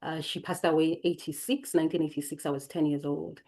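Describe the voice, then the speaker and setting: A woman's voice: deep voice, steady tone, brisk, mellow. A South African woman in her late forties, hosting her channel and sharing family memories in a thoughtful, digressive way, reading lines from her notes and then commenting on them. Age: late 40s. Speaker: channel host. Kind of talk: reflective personal storytelling from notes.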